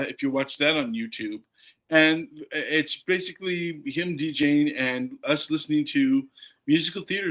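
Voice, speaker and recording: A man's voice: mid-range voice, a bit bright. A man co-hosting a casual chat, rambling with lots of ums and restarts. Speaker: co-host.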